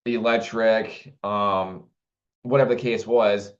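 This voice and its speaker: A man's voice: lowish voice, steady tone, slow. Guy rambling to the camera, lots of restarts and fillers, kinda muffled lo-fi audio. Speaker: vlogger. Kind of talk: casual monologue to camera. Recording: dull lo-fi recording.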